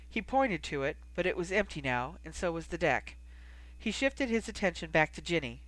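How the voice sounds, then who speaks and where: An audiobook reader narrating a story in a steady storytelling manner. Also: mid-range voice, moderate pace, no echo, poor audio. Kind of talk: scripted narration.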